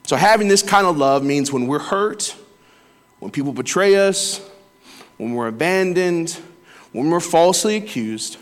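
A man's voice: fairly high pitch, animated, unhurried. A man preaching a conversational sermon in a church, earnest and personal, with stories from his workday. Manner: earnest, conversational, with quoted voices and laughter. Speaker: lay preacher. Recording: long hall reverb.

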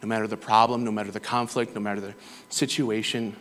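A man's voice: fairly low pitch, little pitch movement, fast, fairly bright tone. A man preaching a conversational sermon in a church, earnest and personal, with stories from his workday. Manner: earnest, conversational, with quoted voices and laughter. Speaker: lay preacher. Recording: long hall reverb.

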